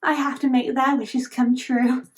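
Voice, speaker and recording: Kind magical star boy, slow and solemn, a woman voicing him with a fairly high voice. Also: level tone. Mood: gentle.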